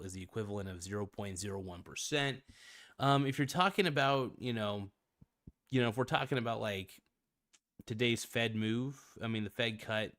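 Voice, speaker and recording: A man's voice: fairly low pitch, a bit bright, no echo, studio quality. A man hosting a casual finance livestream, loose and slangy, rambling with frequent restarts. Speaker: livestream host.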